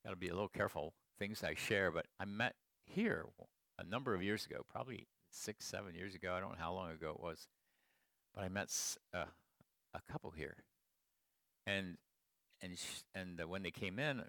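A middle-aged man preaching a sermon to his congregation, moving between quiet storytelling and emphatic declarations. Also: low voice, moderate pace, gravelly, dry recording, studio quality. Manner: storytelling, swings from hushed asides to emphatic proclamation. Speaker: pastor.

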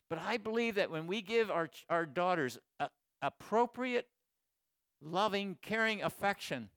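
A man in his sixties giving a sermon to men, swinging from loud exhortation to quiet storytelling. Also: on the high side, vocal fry, no room sound, studio quality. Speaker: speaker at a men's gathering.

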